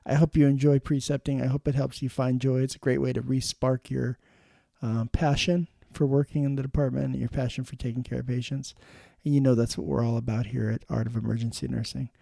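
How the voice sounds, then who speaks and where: Gravelly-voiced man giving frank advice. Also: medium pitch, dark tone, no echo, clean studio sound. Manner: frank, storytelling, plain-spoken advice. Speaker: emergency nurse and podcast host. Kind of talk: casual instructional monologue.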